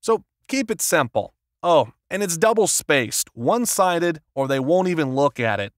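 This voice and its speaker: A man's voice: fairly high pitch, sing-song, normal speed, no echo, clean studio sound, voice pushed up. A man doing a brusque, sarcastic literary agent. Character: gruff, sardonic middle-aged male literary agent. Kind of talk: audiobook character reading.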